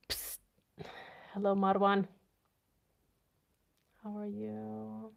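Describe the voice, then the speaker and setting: A woman hosts a casual livestream and chats with her viewers in a playful, teasing way. She talks slowly in a fairly high, gravelly voice. The stream audio is dull and lo-fi. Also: animated, a little mellow. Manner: playful, laughing, reads viewer comments aloud. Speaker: livestream host.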